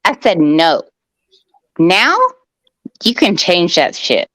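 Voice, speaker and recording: A woman's voice: lowish voice, sing-song, slow, a bit bright. A woman arguing heatedly in a group chat, curt and defiant, swearing often. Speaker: panel guest. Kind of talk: heated argument.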